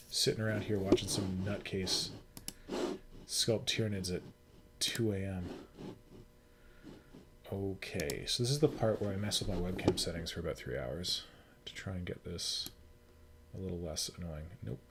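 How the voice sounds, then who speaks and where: A man's voice: low-pitched, steady tone, normal speed, long pauses. A Canadian man hosting a casual livestream, chatting with viewers and muttering to himself while he fiddles with his settings. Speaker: livestream host. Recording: noisy home livestream recording.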